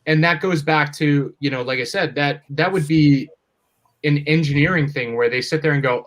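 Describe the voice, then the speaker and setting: A man's voice: on the high side, normal speed. Man rambling through a technical explanation. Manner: explains in a rambling, matter-of-fact way. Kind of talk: casual chat.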